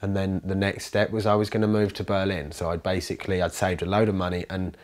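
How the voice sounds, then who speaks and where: A man in a casual interview, telling a personal story in a rambling, animated way with many fillers and restarts. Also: deep voice, quick pace. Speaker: interviewee, commune resident.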